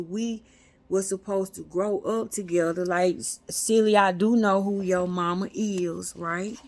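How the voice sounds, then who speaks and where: Woman, casual spiritual storytelling, earnest, talks to viewers. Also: mid-range voice. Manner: earnest, repeats words for emphasis, talks straight to her viewers. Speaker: metaphysics vlogger.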